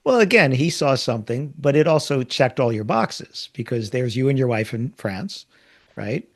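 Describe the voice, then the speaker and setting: A man's voice: mid-range voice, big pitch swings, normal speed. Podcast host guy, medium voice, easygoing back-and-forth chat. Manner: conversational, affirming. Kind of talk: casual interview chat.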